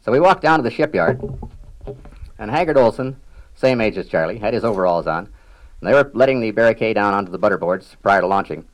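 An older man with a somewhat low, lively voice reminisces in a public talk about his years as a riverboat captain. He speaks in a measured, unhurried way with dry humor, often clearing his throat between thoughts, on a rough recording.

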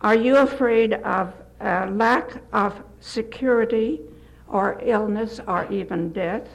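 An older retired woman giving a gentle devotional talk, telling stories with occasional slips and restarts. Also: medium pitch, slow pace, gravelly, rough recording. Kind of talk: folksy devotional talk with anecdotes.

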